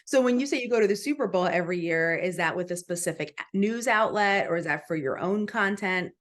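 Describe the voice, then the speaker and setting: A woman interviewing a comedian, encouraging him and reacting with quick laughs. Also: lowish voice, animated. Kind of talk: casual interview.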